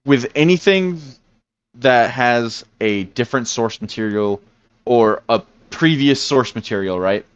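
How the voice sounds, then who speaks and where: Unhurried and clean-toned at a medium pitch, a man rambles casually as a podcast co-host, often restarting and using fillers. The recording is muffled with no room sound.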